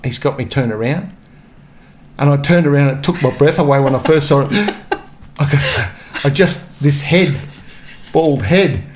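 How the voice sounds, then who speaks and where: A man's voice: a little high, measured pace, a little hiss or hum. An Australian man in his sixties, a former police officer, telling anecdotes in a casual interview. He chuckles often and acts out the lines other people said.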